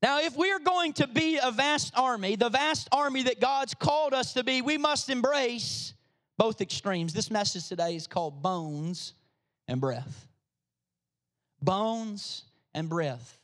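His voice is extremely high-pitched and fairly bright, at a normal speed, as this pastor preaches a sermon: he reads scripture, builds his emphasis, and calls on the congregation to answer.

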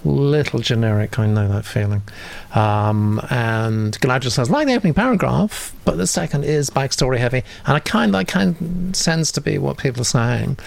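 A man's voice: medium pitch, expressive, normal speed, gravelly. A man hosting a reading session, reading out listener comments casually and hesitantly with many fillers.

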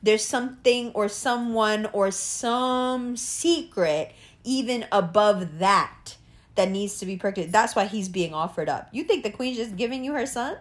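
A young woman hosting a casual monologue, profane and animated, often laughing and asking rhetorical questions. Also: medium pitch, measured pace.

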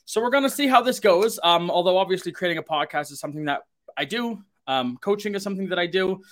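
A man's voice: high voice, fast. A man hosting a live podcast, talking energetically with plenty of fillers. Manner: energetic, talkative, many fillers. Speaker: podcast host.

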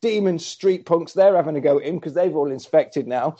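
A man excitedly recapping a horror film in casual chat, acting out the characters' lines. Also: fairly high pitch, fairly quick. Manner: animated storyteller, acts out characters' lines. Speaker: podcast co-host recapping a film. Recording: slightly dull lo-fi recording.

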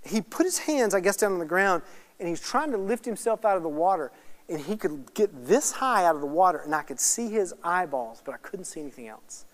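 High-voiced man preaching in a hall. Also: a little fast. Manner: animated storytelling, laughs at himself. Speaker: guest preacher. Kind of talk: sermon with a personal story. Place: evening campus Bible study gathering. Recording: reverberant hall sound.

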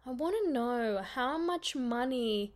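A woman's voice: high-pitched, expressive. A woman hosting a podcast, playful and giggly in casual chat. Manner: playful, giggly, drawn-out words. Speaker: podcast host.

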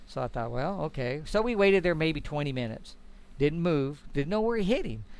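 A middle-aged man tells a story in a slightly high voice, animated and folksy. He slips into the voices of the people he quotes as he goes. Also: moderate pace. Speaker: guest elk hunter. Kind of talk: storytelling in conversation.

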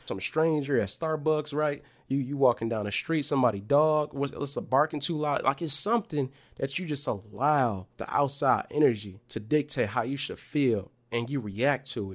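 Brief: man, mid-pitched, easygoing slang, animated storytelling, talks straight to viewers. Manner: casual and slangy, animated, addresses viewers directly. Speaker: motivational speaker. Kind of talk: personal storytelling to camera.

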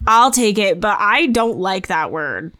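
A woman's voice: mid-range voice, very animated, a little slow, a bit bright. A woman co-hosting a podcast, talking bluntly and with exasperation in casual chat. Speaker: podcast co-host.

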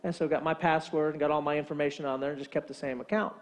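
A man's voice: a little high, steady tone, racing. A man preaching a sermon, telling a funny story and acting out both sides of a phone call. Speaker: pastor.

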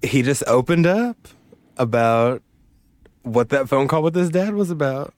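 A man in casual podcast chat, recapping an episode with animated retellings and bursts of laughter. His voice sits at a middle pitch, and he swears freely as he talks. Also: no room sound. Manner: animated, laughing storyteller, rapid and profane. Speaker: podcast co-host.

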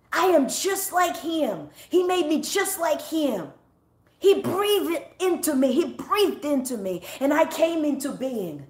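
A woman's voice: high voice, roomy sound. A woman preaching a podcast sermon who repeats phrases for emphasis and breaks into laughs.

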